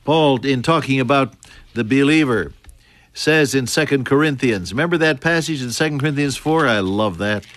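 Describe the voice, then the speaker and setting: A man preaching a sermon, earnest, building to emphatic high points and then falling soft and hushed. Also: normal speed.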